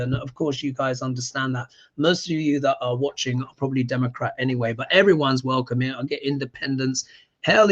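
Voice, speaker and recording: Male astrology stream host with a higher-pitched voice: casual, emphatic, animated, with frequent throat clearing. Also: dull audio. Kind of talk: casual live-stream chat.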